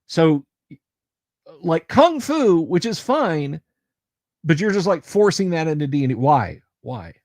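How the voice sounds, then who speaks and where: A man's voice: a little high, sing-song, a little slow, pauses often, darkish tone, no room sound, clean studio sound. A man hosting a casual livestream, chatting in a rambling, self-interrupting way and reacting to viewer comments as he goes. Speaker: livestream host.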